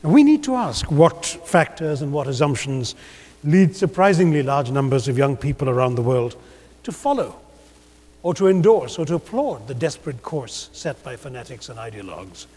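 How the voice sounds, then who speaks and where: A man's voice: medium pitch, big pitch swings, slightly rough. Rhetorical man speaking in a reverberant hall. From India. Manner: measured, rhetorical, gently humorous. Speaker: keynote speaker. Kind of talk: conference speech. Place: large conference auditorium.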